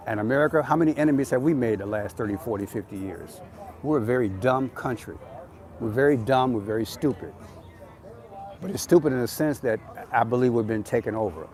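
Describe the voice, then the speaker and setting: A man's voice: mid-range voice, darkish tone. A man hosting an outdoor live stream, talking in an emphatic, repetitive, preachy way. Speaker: channel host. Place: outdoors on an urban street.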